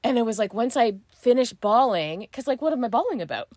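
An animated woman chatting casually about spiritual matters, her pitch swooping up and down as she tells stories. She acts out her own past words with a lot of life. The recording is dry and close. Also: brisk, no echo.

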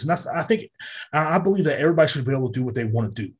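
A man's voice: on the high side, expressive, rapid-fire, breathy edge. Profane rambling man on a podcast. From United States. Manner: profane, rambling, frequent fillers. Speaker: podcast host. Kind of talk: casual ranting monologue. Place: home room near a street. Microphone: desk microphone.

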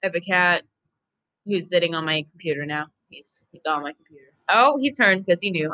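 Bright-voiced woman ranting, lo-fi. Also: lowish voice, normal speed. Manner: profane, emphatic and rambling. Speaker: podcast host. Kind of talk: casual monologue.

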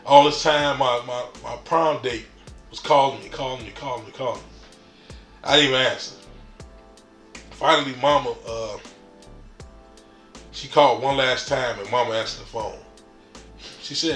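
Young guy telling a story in aave, bright voice, laughs a lot, roomy echo w/ faint music behind. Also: mid-range voice, moderate pace, long pauses. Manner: animated, laughs often, acts out quotes, says "man" a lot. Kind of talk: casual storytelling. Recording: echoey room with faint music.

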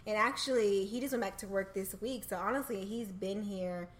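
A woman's voice: mid-range voice, moderate pace, slight background noise. A woman in her thirties, a podcast co-host and new mother, chatting casually with many fillers and easy laughter. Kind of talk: casual chat.

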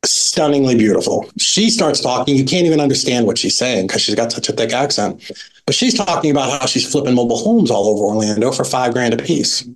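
A middle-aged man recounting a personal story as a podcast guest. He talks casually and animatedly, leaning on "like" and "right?" as he goes. His voice sits at an ordinary middle pitch. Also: fairly quick. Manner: lively anecdotal telling with frequent "like" and "right?".

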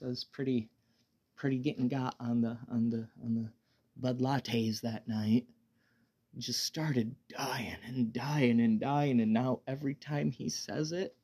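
A man talks alone into his podcast mic while high, with a dark, mellow tone. He rambles along in a laid-back drift, stumbling over restarts and cursing freely. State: high on weed. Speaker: podcast host. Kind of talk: casual solo podcast monologue.

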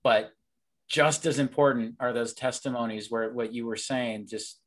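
A man's voice: medium pitch, fairly even intonation, normal speed. Reflective man hosting a faith chat. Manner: reflective, anecdotal, self-correcting. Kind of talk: casual faith conversation.

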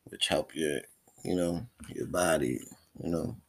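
Man, podcast host, rambling, repeats himself, gravelly, extremely low voice. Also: a little slow. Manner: rambling, repeats words and phrases. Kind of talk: casual rambling podcast talk.

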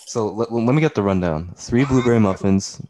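A teenage boy talking casually as a podcast guest, teasing his friends and quick to react. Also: on the low side, a little mellow.

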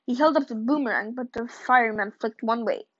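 A woman's voice: fairly high pitch, a little fast, a bit bright. A woman reading a novel chapter aloud in a plain, unpolished way with occasional slips and restarts. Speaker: reader of a novel. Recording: dull lo-fi recording.

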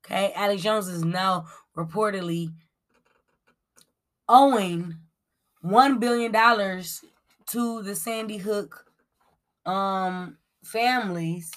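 Woman doing a gossip commentary, mid pitch, blunt and animated, lots of ums, swears, calls the viewers y'all. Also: slow pace, long pauses. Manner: animated, blunt, reads from notes with frequent ums. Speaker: commentary show host. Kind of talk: casual celebrity gossip commentary.

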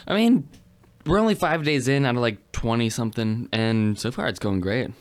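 A man's voice: medium pitch, normal speed. A man from the United States, a touring musician, talking modestly and hesitantly with many fillers in a casual chat.

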